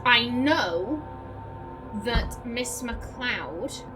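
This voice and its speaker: A woman's voice: a little high, expressive, very slow. Chatty woman playing a story game. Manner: chatty, frank and joking. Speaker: gaming video host. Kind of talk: let's play commentary. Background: game music.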